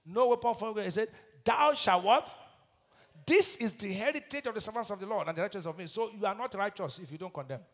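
Pastor preaching loud, high voice swinging all over, big church echo. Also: male voice, lively intonation, fast. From Nigeria. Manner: preaching with sudden shouted peaks and scripture recitation. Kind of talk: fiery sermon. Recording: long hall reverb.

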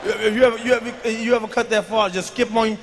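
Loud, high-voiced man doing stand-up. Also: fairly even intonation, fast talker, big-room sound, background noise. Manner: loud, swaggering, profane storytelling with sudden shouts and drops to a murmur. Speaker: stand-up comedian. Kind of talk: stand-up comedy routine. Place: large live venue on stage.

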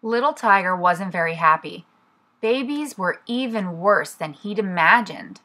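A woman, a preschool teacher, reading a picture book aloud to young children in an expressive storybook manner. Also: medium pitch, unhurried.

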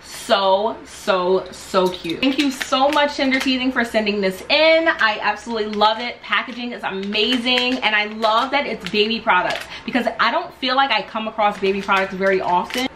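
A woman vlogger excitedly unboxing products and gushing over each item. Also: on the high side, normal speed, few pauses, background noise. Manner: gushing, enthusiastic.

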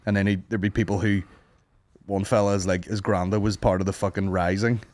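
In casual banter on the comedy podcast he co-hosts, a young man with a Northern Irish accent rambles through sweary stories, doing voices for quotes. He speaks fairly quickly in a low, darkish voice with little pitch movement.

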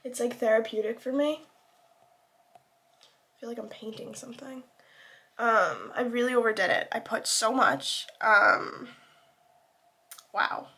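A woman's voice: a little high, animated, unhurried, pauses often, sharp tone. A young woman vlogging casually at home, talking to a handheld camera in a rambling, self-deprecating, anxious way. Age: young adult. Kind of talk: casual vlog chat. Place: home, indoors.

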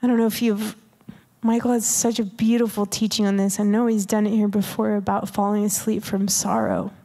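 A woman's voice: medium pitch, little pitch movement, brisk, warm tone. A woman preaching a sermon in an intimate way, often dropping to a whisper to stress a point. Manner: intimate, drops to whispers for emphasis. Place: large church hall. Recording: live church hall reverb.

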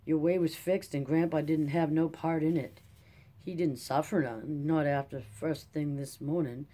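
A reader doing a solemn, soft-spoken former preacher, grave and measured. The tone is dark and mellow, soft rather than loud. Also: medium pitch, fairly even intonation, lightly acted. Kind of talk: audiobook character reading.

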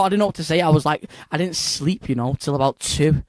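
A young man with a Manchester accent tells his stories with eager, breathless enthusiasm, stumbling and restarting as he goes. His voice sits slightly high, and the sound is close and dry. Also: fast, hardly any pauses, no echo. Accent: Northern English, Manchester. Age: young adult. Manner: excitable, rambling with restarts and local slang. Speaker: guest, young fighter. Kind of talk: casual interview chat.

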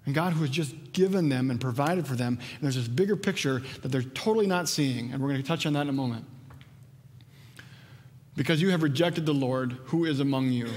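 Man, pastor, conversational sermon, lively quoted lines, echoing sanctuary. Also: on the high side, brisk. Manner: conversational, animated when quoting. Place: church sanctuary. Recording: long church reverb.

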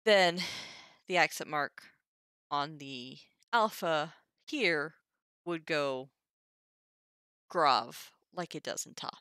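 Bright, lively woman explaining Greek. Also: deep voice, dry recording, studio quality. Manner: thinks aloud, muses over the text, wry asides. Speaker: streamer teaching Ancient Greek. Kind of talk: casual live-stream lesson.

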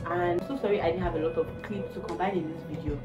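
A young woman, venting in a casual vlog with exasperated, animated talk and bursts of laughter. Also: on the low side, quick pace. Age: young adult. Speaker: vlogger. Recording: roomy, distant phone recording with music.

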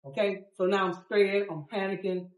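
A woman biker telling the story of her ride in a group interview, dramatic and acting out quotes, swinging from loud to hushed. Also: mid-range voice, fairly even intonation, moderate pace, echoey room, far from the mic, poor audio.

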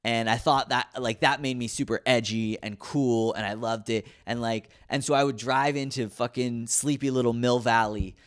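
A man's voice: medium pitch, steady tone, moderate pace, few pauses. A man in his thirties hosting a podcast, telling casual stories about an old job in a rambling, profane, self-mocking way. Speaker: podcast host. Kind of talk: casual storytelling monologue.

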